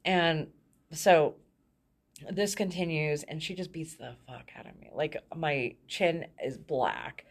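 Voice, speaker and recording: A woman's voice: sits low, animated, slow. A woman frankly telling her own life story as a guest, often laughing in the middle of her sentences. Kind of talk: candid personal storytelling.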